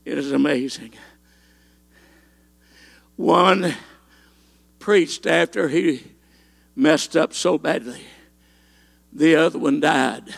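A man preaching a sermon, impassioned, with frequent "uh" fillers and rising to shouted peaks. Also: a little high, takes it slowly, gravelly, pauses often.

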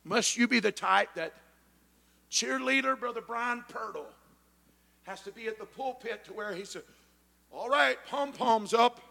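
A man preaching a sermon, punctuating with amens and rising to shouted peaks. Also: sits high, normal speed, vocal fry, pauses often, long reverb tail. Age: 50s. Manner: builds to shouted climaxes, chanting amen.

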